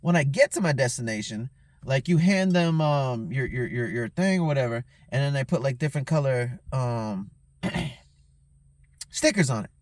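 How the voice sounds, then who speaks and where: A man's voice: medium pitch, lively intonation, moderate pace. A tipsy man hosting his own show, telling a story in a heated, profane rant and often asking "you know what I'm saying". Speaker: host.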